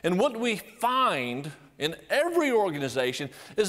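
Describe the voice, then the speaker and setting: A man's voice: sits high, moderate pace, few pauses. An older man giving a motivational sales talk to an audience, telling stories and firing rhetorical questions at the crowd. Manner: animated storytelling, acts out quoted voices. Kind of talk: keynote speech to an audience.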